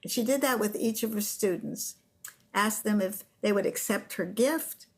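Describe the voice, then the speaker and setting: Older woman telling an animated story. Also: medium pitch, normal speed, husky. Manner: animated storyteller who acts out quotes. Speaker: guest. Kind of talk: storytelling interview.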